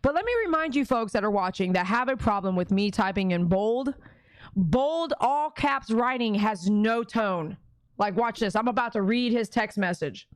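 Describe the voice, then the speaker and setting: A woman's voice: mid-range voice, lively intonation, normal speed, dry recording. A woman dog groomer chatting on her live stream, reading viewer comments aloud and talking emphatically, often checking that viewers agree.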